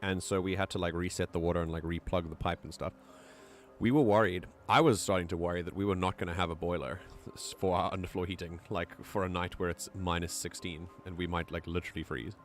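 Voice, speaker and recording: Man, South African accent, streamer, casual gaming commentary, excitable, lowish voice. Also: quick pace, faint music behind. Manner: excitable, chatty, laughs often.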